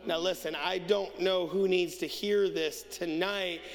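Male pastor, high-pitched, conversational anecdotes that build to fiery shouted preaching. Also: steady tone, measured pace. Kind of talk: sermon with humorous storytelling. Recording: long reverb of a large hall.

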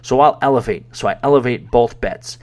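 A man's voice: medium pitch, fairly quick, a little mellow. A man from New York hosting a podcast, telling a long story in a casual, rambling way with lots of fillers. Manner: rambling, conversational, many fillers. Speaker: podcast host. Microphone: podcast microphone.

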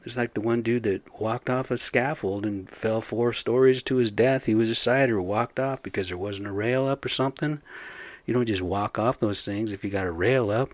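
A man's voice: fairly low pitch, moderate pace, no echo. A man who runs construction sites, ranting in a blunt, profane, fed-up way about careless workers. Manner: profane, blunt, frustrated venting. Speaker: construction site supervisor. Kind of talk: casual rant to camera.

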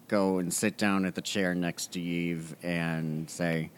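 A man's voice: sits low, little pitch movement, slow, slight background noise. A man playing a tabletop game, plainly narrating his character's actions. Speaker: player. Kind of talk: tabletop role-play.

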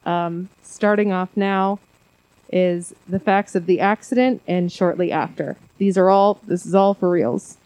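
A woman's voice: lowish voice, measured pace, darkish tone, dry recording, low-quality recording. A woman co-hosting a casual conspiracy podcast, rambling and self-deprecating, often laughing. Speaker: podcast co-host.

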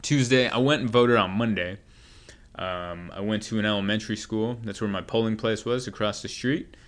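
Man, comedian, rambling wry monologue, lowish pitch, casual storytelling. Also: moderate pace. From United States.

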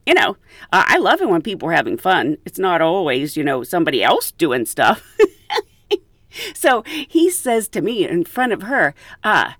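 A woman flight attendant telling stories in a casual, animated way, often laughing and quoting people. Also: fairly low pitch, normal speed, no room sound, studio quality. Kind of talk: casual storytelling.

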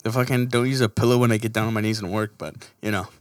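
A man's voice: on the low side, steady tone, very fast, dry recording, clean studio sound. A young man in casual chat among friends, swearing a lot and laughing often.

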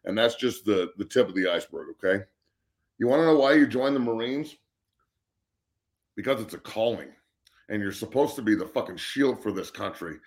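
A middle-aged man with a lowish voice holds forth in heated sports talk. He is blunt and profane and rants on without letting up. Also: lively intonation, moderate pace, long pauses. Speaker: guest co-host.

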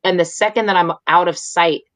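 Guest woman, low-pitched, dry close sound, earnest and reflective storyteller. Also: a little fast, a bit bright, dry recording. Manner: reflective, earnest, frequent "like" fillers. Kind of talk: personal storytelling in conversation.

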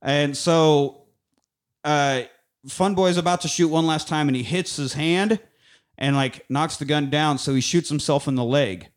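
A man's voice: on the high side, unhurried. Guy swearing his way through a movie recap, laughing and doing the lines. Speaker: podcast co-host recapping a film. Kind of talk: casual profane chat.

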